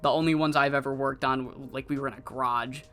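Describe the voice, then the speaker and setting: A casual narrator recapping a wrestling management game save, rambling with frequent ums and loose swearing. The voice sits mid-pitch over faint background music. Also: steady tone, fairly quick, fairly bright tone. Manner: rambling, profane, many fillers.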